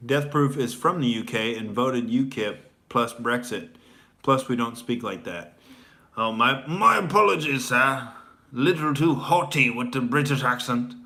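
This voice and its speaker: Male comedian host, sarcastic ranting delivery, bright tense tone. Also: medium pitch. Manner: sarcastic, mocking, rambling with many fillers. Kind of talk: comedic political rant.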